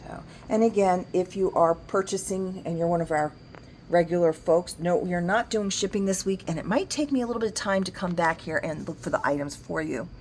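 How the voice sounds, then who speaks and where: A woman's voice: lowish voice, a little fast, darkish tone, slight background noise. A woman who owns an antique shop, walking through it casually, chatting about items and working out discounts aloud. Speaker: antique shop owner showing items for sale. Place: indoors in a large antique shop.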